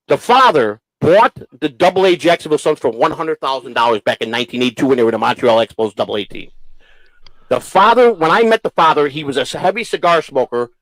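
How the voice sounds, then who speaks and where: Man host, high voice, rambling halting storytelling, dry close sound. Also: a bit bright, no echo, poor audio. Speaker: show host. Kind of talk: casual storytelling chat.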